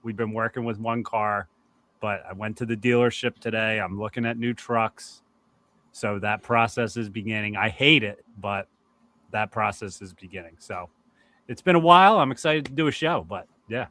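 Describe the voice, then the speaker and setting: A man's voice: on the low side, normal speed, sharp tone. A man from Philadelphia, co-host on a podcast, chatting candidly and rambling a bit. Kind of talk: casual chat.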